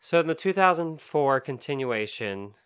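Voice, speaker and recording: Young guy cohost, bright clear voice, chatty, laughs a lot. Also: on the high side, animated, normal speed. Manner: laughs often, loose and chatty. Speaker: podcast co-host. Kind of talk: casual chat about comics.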